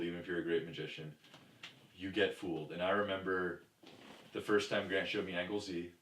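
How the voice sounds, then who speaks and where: A man's voice: low-pitched, fairly bright tone. A young man co-hosting a casual podcast chat, joking and teasing his friends. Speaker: podcast co-host. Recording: echoey room, mic at a distance, faint noise.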